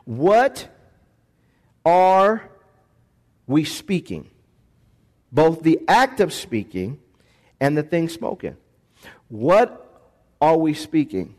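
A man preaching a sermon in a church, calling for responses from the congregation and swinging between quiet, slow lines and shouted bursts. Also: a little high, sing-song. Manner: call-and-response preaching, shifts from soft to shouted. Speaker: pastor. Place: church sanctuary. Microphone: handheld or stand microphone.

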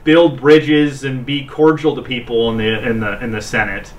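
A man's voice: mid-range voice, flat delivery, normal speed, recorded from a distance. A man who is a newspaper cartoonist, chatting on a podcast in a wry, sardonic way. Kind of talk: casual political chat.

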